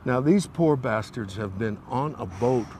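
A man's voice: mid-range voice, a little slow, a little hiss or hum. A middle-aged man telling a story in a casual interview, acting out the voices of the people in it. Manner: animated anecdote teller, acts out quoted voices. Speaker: interview guest.

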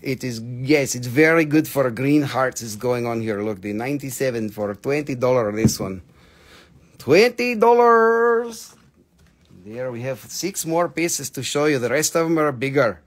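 A man hosting a live stream selling crystals, with a playful, jokey, rambling way of talking and drawn-out excited exclamations. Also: medium pitch. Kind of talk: casual live sales stream.

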